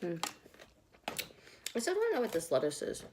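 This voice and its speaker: A woman's voice: on the low side, wildly swooping pitch, normal speed, darkish tone, a little hiss or hum. A woman vlogger chatting casually and rambling between bites of food at home. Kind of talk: casual eating vlog chat. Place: home, at a table with dogs nearby.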